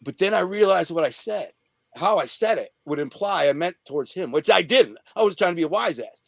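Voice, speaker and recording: Middle-aged man, rapid rambling storytelling, profane, somewhat high voice, dry close sound. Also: lively intonation, vocal fry, dry recording. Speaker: interview guest. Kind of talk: casual storytelling.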